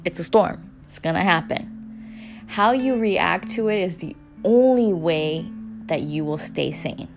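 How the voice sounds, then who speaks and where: A woman's voice: on the low side, expressive, unhurried, vocal fry. A young woman hosting a podcast, giving a candid, casual motivational talk that swears freely and repeats phrases for emphasis. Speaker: podcast host. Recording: music playing underneath.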